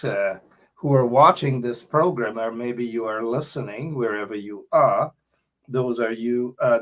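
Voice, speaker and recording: A man from Guyana with a Guyanese accent, hosting a radio talk show in a rambling, chatty way with many fillers. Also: medium pitch.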